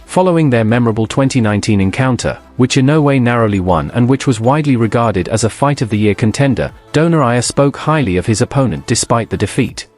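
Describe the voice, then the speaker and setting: A man reads formal sports narration in an even, measured way. His voice sits at a middle pitch. Faint music runs underneath. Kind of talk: scripted narration.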